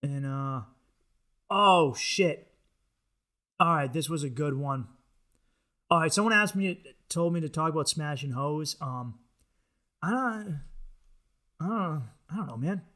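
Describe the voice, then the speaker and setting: Bright, high-voiced profane comedian man. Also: animated, takes it slowly, pauses often. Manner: crude, rambling, profane. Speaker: podcast host. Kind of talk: comedic monologue.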